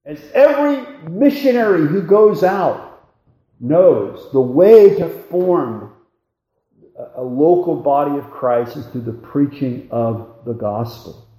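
A man delivers a sermon at a slow, measured pace, his voice sitting a little higher than most men's. He leans into emphatic phrases and reads scripture aloud. The sound is roomy and echoey, like a church hall. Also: expressive, warm tone. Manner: deliberate, emphatic preaching cadence with scripture reading. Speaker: preacher. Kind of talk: expository sermon.

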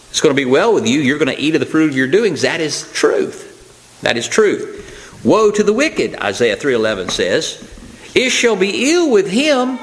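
A man's voice: medium pitch, rough recording. A man preaching a sermon, his voice rising to emphatic preaching at key points, with fillers and restarts.

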